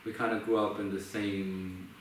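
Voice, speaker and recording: A young man with an Israeli accent, a musician talking in a reflective, halting way with many restarts. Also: on the low side, flat delivery. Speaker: musician sharing his story. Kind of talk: casual conversation. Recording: echoey room, from far off, faint noise.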